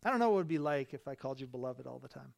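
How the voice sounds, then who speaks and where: A male pastor delivering a sermon in a church, building to loud, emphatic repeated phrases. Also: medium pitch, animated, racing, gravelly. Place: church sanctuary.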